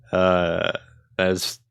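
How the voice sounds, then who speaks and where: Young guy hosting a gaming podcast, kinda low voice, rambles with lots of likes, dry close mic. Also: a bit bright, clean tone, no room sound. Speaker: podcast host. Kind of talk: casual gaming chat.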